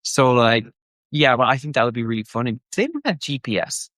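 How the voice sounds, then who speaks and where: A man hosting a casual show discussion, rambling with many fillers and quick mock quotes. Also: medium pitch, very animated, fairly bright tone, dry recording. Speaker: podcast host.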